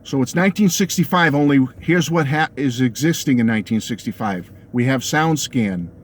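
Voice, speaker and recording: A man's voice: medium pitch, expressive, normal speed, a little hiss or hum. A middle-aged man with a New England accent talking casually to his viewers about music. He laughs often and keeps checking in with them. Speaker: music vlogger. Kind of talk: casual opinionated monologue to camera.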